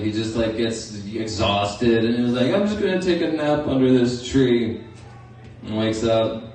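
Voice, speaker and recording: A man's voice: on the low side, a little mellow, a little hiss or hum. A young man doing stand-up comedy, rambling and crude, with many fillers. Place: comedy club stage. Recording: distant mic in an echoey club.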